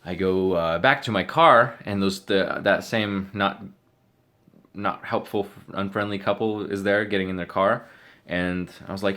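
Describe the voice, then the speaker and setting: A man's voice: low-pitched, animated, moderate pace, sharp tone. A young man vlogging, casually retelling a story and acting out what other people said.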